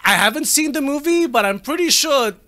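A man's voice: very high voice, expressive, a little fast, pushed and bright, no room sound. A man with a Malaysian accent co-hosting a podcast in a studio, joking crudely and laughing often. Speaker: podcast co-host. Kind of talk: casual chat.

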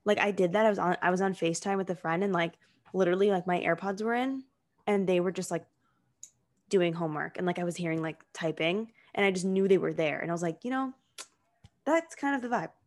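This young woman's voice is fairly low and steady, and she talks fast. As a podcast co-host she keeps things chatty and relaxed, with "like" scattered all through her speech.

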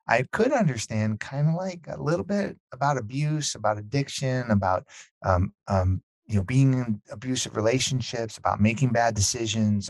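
A man's voice: fairly low pitch, no room sound. A storytelling male guest, dry sound. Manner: animated, acts out quotes, repeats words. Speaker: author and podcast guest. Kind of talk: casual storytelling interview.

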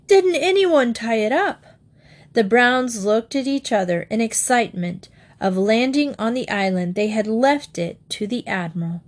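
A woman narrating a children's storybook aloud in a steady, even-paced reading. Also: mid-range voice, normal speed, few pauses.

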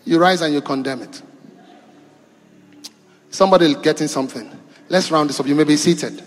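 High-voiced preacher man in an echoey hall. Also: moderate pace. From East Africa. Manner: call-and-response preaching, shifting between loud and quiet. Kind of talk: sermon. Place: church hall. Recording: echoey church hall with music behind.

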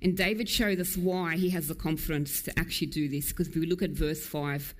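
A woman preacher delivering a sermon in a church, earnest and emphatic, quick in places and slow and low on key lines.

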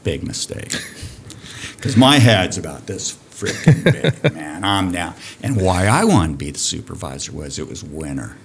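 Animated storytelling man, low voice. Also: measured pace, vocal fry, slight background noise. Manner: animated, profane, laughs through his stories. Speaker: diving program director. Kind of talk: storytelling in a podcast interview. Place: recorded on location at a college.

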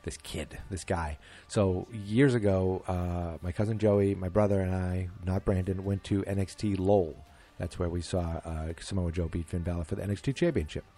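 Rambling man with a low voice. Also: fairly even intonation, moderate pace, hardly any pauses, warm tone. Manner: rambling, wry, self-deprecating, many fillers. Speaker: podcast host. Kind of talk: casual wrestling chat.

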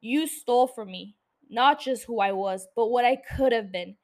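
A woman reading the lines of a wounded woman who confronts the man who shot her, speaking in a measured, bitter way that turns forgiving. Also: on the high side, a little mellow, natural voice.

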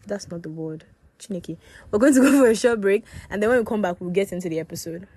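This young woman has a medium-pitched, mellow, husky voice, recorded with no echo, and she talks at a quick pace. Hosting her podcast by herself, she chats casually, rambling, self-correcting and often laughing.

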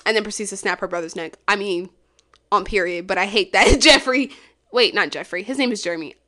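Speaking fairly quickly, this solo podcast host talks casually and profanely, blunt throughout, as she shifts from quiet mumbling to loud exclamations.

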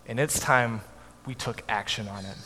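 A man's voice: mid-range voice, normal speed, natural voice. A man quoting a sweet southern grandmother. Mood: weary, earnest. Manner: soft, sweet southern drawl. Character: gentle elderly southern grandmother. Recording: echoey hall, faint background noise.

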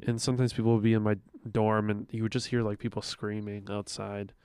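A young man with a smooth, resonant voice tells animated stories on a casual podcast, acting out the people in them. He swears freely, and the sound is dry and close with no room echo. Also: on the low side, a little fast. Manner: animated storytelling, acts out quoted voices, swears a lot. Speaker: podcast co-host.

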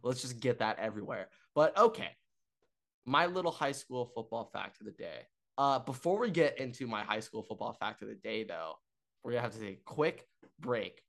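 A man's voice: medium pitch, animated, normal speed, vocal fry, fairly bright tone. A young man co-hosting a sports podcast, joking around and often restarting his sentences with fillers. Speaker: podcast co-host. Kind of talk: casual sports chat.

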